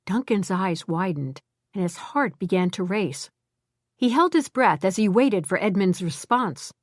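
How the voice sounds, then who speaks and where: A woman narrating a novel in an even, measured storytelling voice. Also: mid-range voice, no room sound, studio quality. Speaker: audiobook narrator.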